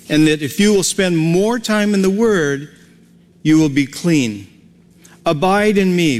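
A man's voice: on the high side, long reverb tail. A male pastor preaching a sermon in a folksy, conversational way, with homely everyday examples.

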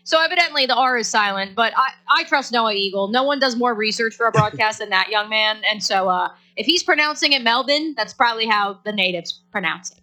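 A woman co-hosting a sports radio show, her tone bright and her voice a touch high. She chats playfully, drops sentences halfway and starts them over. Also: a little fast, hardly any pauses. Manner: chatty, playful, trails off and restarts. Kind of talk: casual sports radio chat.

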